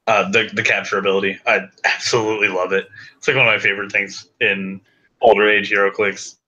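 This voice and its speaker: A man's voice: fairly low pitch, little pitch movement, brisk, sharp tone, dull audio. A man on a casual podcast, giving brief, slightly hesitant answers with "um".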